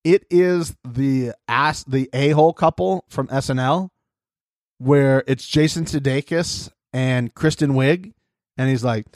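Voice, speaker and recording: Casting note: male podcast co-host, casual and playful, medium pitch, dry close mic. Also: measured pace, darkish tone, dry recording. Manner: playful, mimics people with mock voices. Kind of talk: casual chat.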